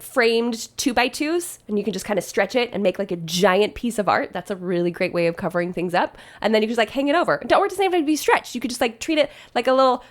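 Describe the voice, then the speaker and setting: A woman wedding planner reacting to posts in casual, chatty commentary, laughing often. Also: on the high side.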